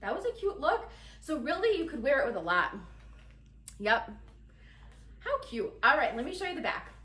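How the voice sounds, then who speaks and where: A woman's voice: high-pitched, big pitch swings, normal speed, bright, forceful tone, roomy sound, far from the mic. A woman chatting casually and giggling through a try-on haul, talking straight to her viewers. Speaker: fashion vlogger.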